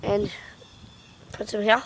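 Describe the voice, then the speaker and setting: Speaking slowly, this young woman vlogs to her camera indoors before moving outside to a windy yard. She's chatty and giggly, with casual swearing sprinkled in.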